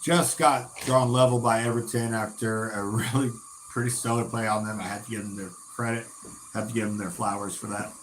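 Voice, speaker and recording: A man streaming a football watch-along, calling the play casually, swearing freely and shouting at close chances. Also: on the low side, fairly even intonation, brisk, slight background noise. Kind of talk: casual live play-by-play commentary.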